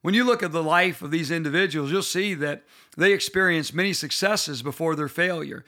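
A man's voice: fairly high pitch, brisk, bright, forceful tone. A middle-aged man, a pastor, teaching leaders from the Bible and telling personal stories in an earnest, emphatic way.

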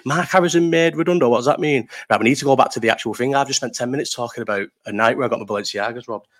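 A man's voice: mid-range voice, rapid-fire. A man, hosting a casual live chat stream from home, telling rambling stories full of swearing and laughter into a partly covered desk mic. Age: 30s.

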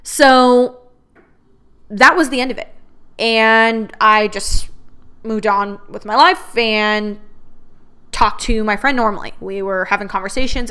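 A young adult woman telling a personal story in a candid, expressive way, swearing freely and quoting others in her own voice. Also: medium pitch, clean tone. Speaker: podcast host. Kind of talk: casual storytelling.

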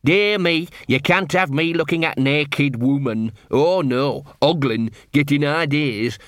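A man's voice: on the high side, slow pace, fairly bright tone, dry recording, studio quality. A man voicing a scruffy male talking street dog who mutters and fumbles for words. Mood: fussing.

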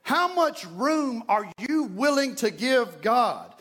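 A man preaches a sermon from the pulpit with a very high voice. He drives his points hard and breaks into shouts at the peaks. Now and then he acts out prayers to make his point. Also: very animated, takes it slowly. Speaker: pastor. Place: church sanctuary.

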